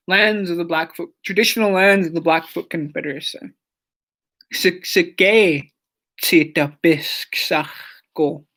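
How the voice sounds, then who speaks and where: An unhurried teacher in the middle of a language lesson, saying each word over and over for learners. Some repeats come out softly or as a whisper, and the explanations of stress and meaning stay patient and plain. The voice sits at an ordinary middle pitch. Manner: says each word several times slowly, sometimes softly or in a whisper; explains pronunciation patiently with short asides.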